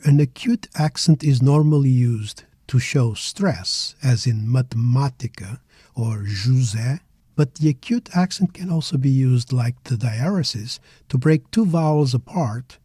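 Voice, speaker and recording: A middle-aged man teaching a pronunciation lesson, slowly modeling words syllable by syllable. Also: medium pitch, mellow, husky, no echo, clean studio sound. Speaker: language teacher. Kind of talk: slow, careful pronunciation lesson.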